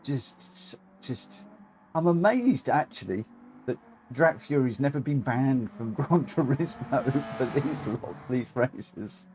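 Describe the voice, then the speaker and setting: A man giving excitable, giggly live commentary as host of a gaming livestream, chatting to viewers from a home setup on a desk mic. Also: medium pitch, measured pace, a little hiss or hum.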